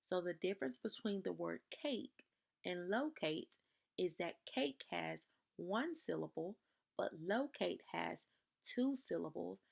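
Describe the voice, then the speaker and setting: A woman teaching a spelling lesson to children, explaining slowly and carefully and sounding words out for her class to repeat. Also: lowish voice, vocal fry. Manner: slow, careful, over-enunciated dictation.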